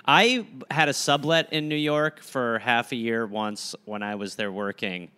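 A man's voice: medium pitch, measured pace, pushed and bright, clean tone. A man co-hosting a comedy podcast, cracking jokes and rambling through an anecdote. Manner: rambling anecdotes, wisecracks, acts out his own quotes. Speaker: podcast co-host. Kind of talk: casual comedic chat.

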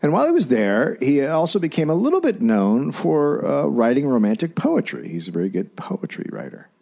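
A man hosting a comedic history podcast, telling the story in a joking, animated way. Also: a little high, brisk, creaky. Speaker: podcast host.

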